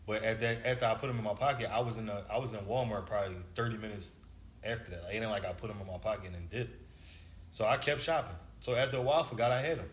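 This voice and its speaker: A man's voice: on the low side, quick pace. A man in his thirties, a former basketball player, telling a long story in a casual, slangy way and acting out the dialogue. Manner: laid-back slangy storyteller, acts out dialogue. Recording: echoey room with faint background noise.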